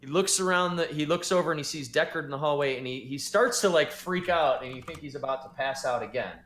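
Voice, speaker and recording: A man's voice: a little high, fast talker, a bit bright, echoey room, slight background noise. A man running a tabletop game as game master, narrating in a loose, hesitant way with lots of fillers.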